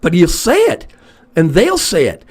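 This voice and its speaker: Man, older, high-pitched, very animated, rambling storyteller, casual podcast chat. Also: normal speed, husky. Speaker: podcast co-host.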